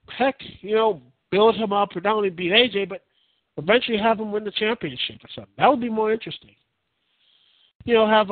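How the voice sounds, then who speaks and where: A man with a high-pitched voice hosts his own podcast, rambling through opinionated commentary and circling back to restate his points. The sound is tinny and narrow, like a phone line. The room is dead dry, with no echo at all. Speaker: podcast host. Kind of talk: casual solo wrestling commentary.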